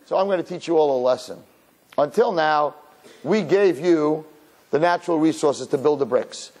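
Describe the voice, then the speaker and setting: Guy voicing a mocking tyrant king, taunting, big swings up and down in pitch. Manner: taunting, emphatic. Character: scornful ancient king, mocking male tyrant.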